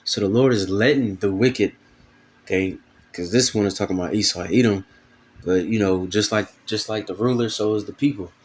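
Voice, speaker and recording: A man's voice: lowish voice, normal speed, slight background noise. A man giving an informal video sermon, casual and profane, full of fillers, reading scripture aloud between comments. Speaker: preacher.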